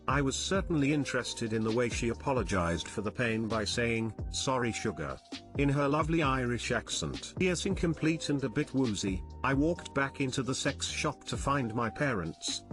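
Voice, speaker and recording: A man giving a scripted narration of online posts, in an even, steady read-aloud delivery. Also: medium pitch. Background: faint music.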